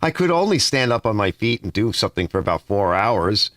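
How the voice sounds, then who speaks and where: A man talking casually in his home garage, reading out viewer comments and wandering into long personal stories. His pitch rises and falls a lot, and the sound stays close and dry. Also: sing-song, brisk, fairly bright tone, no room sound. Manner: rambling, personal storytelling full of restarts. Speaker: host of a garage channel.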